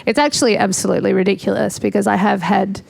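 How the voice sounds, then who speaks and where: A woman's voice: medium pitch, steady tone, quick pace, creaky. A woman doing a stand-up comedy set, chatty and self-mocking, often laughing at her own jokes. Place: livestreamed gig.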